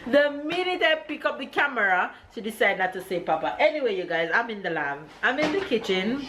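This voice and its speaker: A woman, chatting excitedly to camera in a casual family vlog from her home kitchen. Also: fairly high pitch, slight background noise. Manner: chatty, excited, speeds up and slows down. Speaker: family vlogger, mother.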